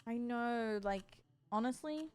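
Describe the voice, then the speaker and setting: A woman's voice: fairly high pitch, takes it slowly, clear, resonant tone. A tired woman streamer chatting casually with her live chat and cooing to her cat between remarks.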